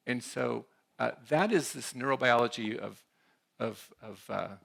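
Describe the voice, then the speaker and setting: A man's voice: mid-range voice, measured pace, gravelly, a bit bright. A man giving a conversational talk at a church conference, often checking in with the audience. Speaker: conference speaker.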